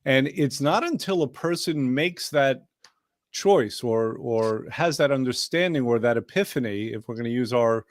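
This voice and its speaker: A man's voice: medium pitch, animated, normal speed, no room sound, clean studio sound. A man hosting a casual wellness chat, playful and persuasive, mixing jokes into his coaching over a video call. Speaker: wellness program coach and host.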